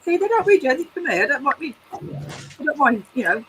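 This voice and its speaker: A woman's voice: high-pitched, very animated, quick pace, slight background noise, poor audio. A woman chatting casually with blunt, joking banter. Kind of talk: casual chat on a video call.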